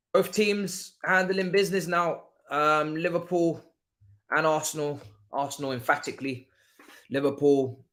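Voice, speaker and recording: A man hosting a live football watchalong stream, chatting casually and breaking into excited cheers. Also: a little high. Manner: excitable, jumps from calm chat to loud cheering. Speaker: livestream watchalong host.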